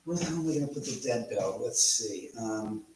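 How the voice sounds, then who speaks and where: A man's voice: fairly low pitch, expressive, fairly quick, a little mellow, echoey room, a little hiss or hum. A man hosting a casual live stream from his home, rambling and greeting viewers by name. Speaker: livestream host. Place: room at home.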